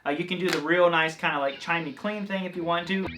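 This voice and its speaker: A man's voice: a little high, steady tone, fast talker. A man from the American South with a Southern accent, chatting loosely through a guitar lesson with lots of fillers and restarts. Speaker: guitar teacher. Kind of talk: casual guitar lesson vlog.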